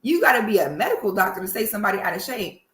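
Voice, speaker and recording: A woman doing reaction commentary in a sassy, animated, drawling way. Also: medium pitch, racing, echoey room. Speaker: commentary host.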